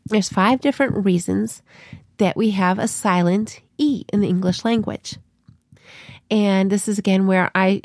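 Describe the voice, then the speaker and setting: A woman's voice: medium pitch, darkish tone, dry recording. A woman co-hosting a podcast, talking casually and explaining her teaching methods with playful little stories. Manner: chatty, explaining with playful examples. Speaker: podcast co-host.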